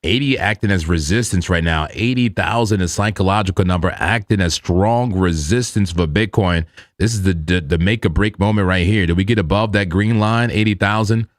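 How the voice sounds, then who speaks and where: A man's voice: deep voice, brisk, no echo, clean studio sound. A man hosting a live trading stream, talking casually in a hyped, slangy way to his chat. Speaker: livestream trading host.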